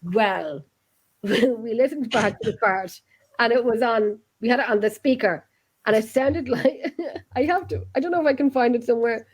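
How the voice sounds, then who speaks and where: A woman's voice: fairly high pitch, moderate pace. A woman hosting a podcast, telling stories in casual chat with lots of giggling. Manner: giggly, chatty storytelling. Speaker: podcast host.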